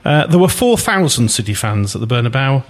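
A man hosting a casual football chat, asking lively rhetorical questions. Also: medium pitch, fairly quick. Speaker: podcast host.

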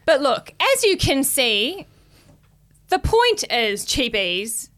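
A young woman with a New Zealand accent chats as a podcast co-host, her voice sitting a little high and swinging widely in pitch. She tells stories with animated drama, swearing freely, and sounds worn out and burnt out. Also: takes it slowly. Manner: animated, dramatic storytelling with frequent swearing and laughter. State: burnt out, emotional. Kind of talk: casual chat.

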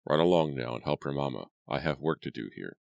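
A man's voice: rumbling low, lively intonation, fairly quick, vocal fry, darkish tone, no echo, clean studio sound, full character voice. A man voicing a stern, harsh middle-aged farmer father in an audiobook, curt and commanding.

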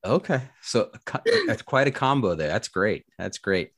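A man's voice: lowish voice, animated, normal speed, no room sound, clean studio sound. A man hosting a podcast interview, chatty and joking, often stumbling over his words. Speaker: podcast host. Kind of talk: casual interview.

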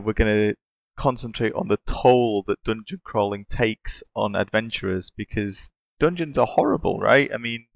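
In a dry recording with no room sound, a man co-hosts a casual games podcast, chatting about games. His mid-range voice carries vocal fry, and he talks enthusiastically, laughing often.

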